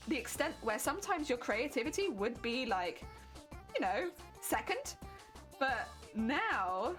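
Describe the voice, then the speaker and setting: A young woman, chatting casually and laughing often as she talks to viewers on her craft live stream. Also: high voice.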